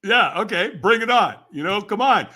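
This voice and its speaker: Animated, bright-voiced older man. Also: sits high, normal speed. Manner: animated, laughs while telling anecdotes. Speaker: podcast guest. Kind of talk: casual interview storytelling.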